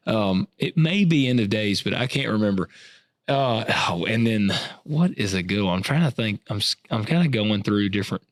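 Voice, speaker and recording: A man's voice: lowish voice, expressive, no echo. Laid-back man, dry close sound. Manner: laid-back, storytelling, drawn-out fillers. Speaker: podcast co-host. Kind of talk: casual chat.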